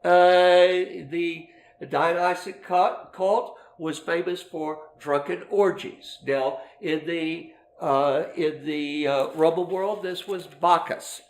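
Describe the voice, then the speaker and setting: A middle-aged man teaching a Bible lesson, explaining slowly with many fillers and restarts. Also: fairly high pitch, steady tone, reverberant.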